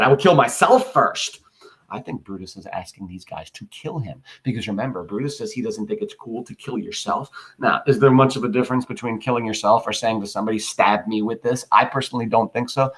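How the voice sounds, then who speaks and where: A man's voice: on the low side, a little fast, few pauses. A man teaching a class, reading scenes from a play aloud and explaining them in casual, everyday words. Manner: casual, switches between reading lines and plain paraphrase.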